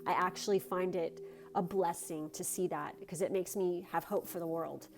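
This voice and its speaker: A woman's voice: on the low side, fairly even intonation, moderate pace, background noise. Effusive woman giving a tarot reading. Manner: gushing and encouraging, with casual swearing; switches between reading card text aloud and chatty asides. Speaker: tarot reader. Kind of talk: casual pick-a-card tarot reading.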